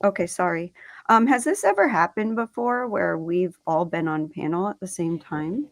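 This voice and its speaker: A woman's voice: fairly low pitch, animated, moderate pace, no echo. A woman joining a live stream panel as a guest, asking questions eagerly with some hesitation. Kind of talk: casual chat.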